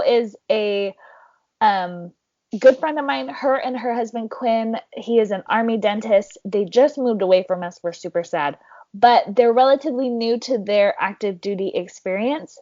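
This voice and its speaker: A woman's voice: on the high side, moderate pace, a little mellow, dry recording, highs cut off. A woman hosting a podcast, bubbly and gushing as she introduces her friend, her voice wearing out. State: voice giving out. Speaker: podcast host.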